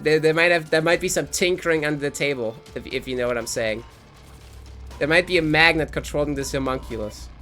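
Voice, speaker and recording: A man's voice: on the high side, sharp tone. A man in his twenties rambling through casual, profane commentary while live streaming a game.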